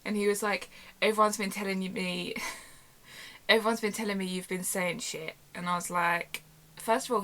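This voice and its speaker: A young woman casually telling a storytime vlog from her bedroom, animated and chatty, acting out quoted dialogue. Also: lowish voice. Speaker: YouTuber. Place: home bedroom. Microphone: camera on tripod.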